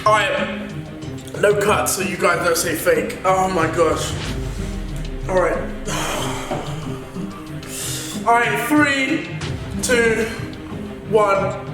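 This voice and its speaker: Young man vlogging loudly in an echoey room. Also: sits high, takes it slowly, pauses often, music in the background. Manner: dramatic, groaning, exclaiming. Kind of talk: casual challenge vlog.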